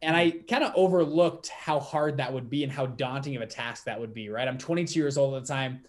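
A young man in his twenties, a podcast guest telling his story in a lively, quick, laughing way. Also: mid-range voice. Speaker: podcast guest, fund manager. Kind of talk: casual storytelling interview.

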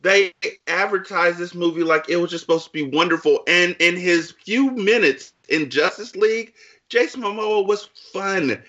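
A man's voice: high voice, moderate pace, pushed and bright, muffled recording. A man co-hosting a casual movie review chat, ranting bluntly with emphatic profanity. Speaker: podcast co-host.

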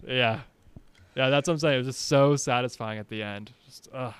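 A man in a casual movie chat as a co-host, relaxed and enthusiastic. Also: mid-range voice, moderate pace, smooth, no room sound.

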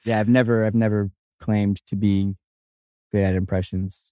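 A man's voice: on the low side, level tone, moderate pace, dark tone, dry recording. A man in his twenties co-hosting a podcast in casual chat, teasing his friend with dry humor. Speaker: podcast co-host.

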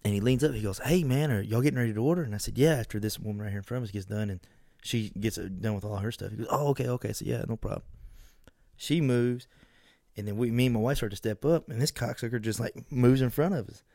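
A man tells a story in casual podcast chat. He talks in a profane, animated way and often breaks into acted-out bits of dialogue. The sound is dry and close, with no room echo. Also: medium pitch, fast talker, vocal fry. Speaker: podcast co-host.

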